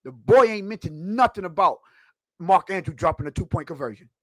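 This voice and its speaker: A man's voice: sits high, lively intonation, a little fast, no echo. A man hosting a heated sports talk show, preachy and emphatic, firing off rhetorical questions.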